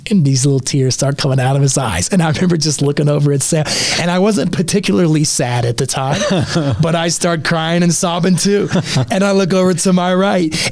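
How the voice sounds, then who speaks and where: A man's voice: a little high, darkish tone, no room sound. A man telling a vivid story as a podcast guest, speaking earnestly in a casual interview.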